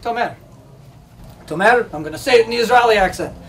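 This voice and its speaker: A man's voice: extremely high pitch, expressive, fairly quick, far from the mic, slight background noise. A man running a playful, teasing demonstration for a class of children, joking and laughing often. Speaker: museum presenter. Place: school room with children.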